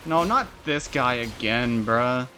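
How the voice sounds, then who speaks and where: A young man streaming a video game, chatting casually with viewers, swearing often and venting loudly at the game. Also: medium pitch, animated, slow pace, faint music behind. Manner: loud, swearing, frustrated outbursts and laughing. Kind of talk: casual gaming stream chat.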